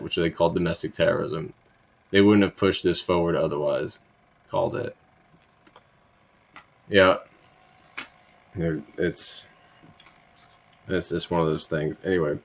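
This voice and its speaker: Low-pitched and fairly flat, this man speaks at normal speed with long pauses. He hosts political commentary, reading bill text and riffing on it sarcastically and profanely, frequently tagging lines with "right?" amid casual asides.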